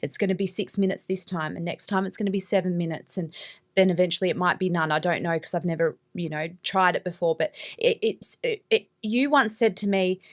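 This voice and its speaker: A woman's voice: fairly low pitch, fairly quick. A woman co-hosting a casual podcast chat, explaining step by step and chiming in with short agreements.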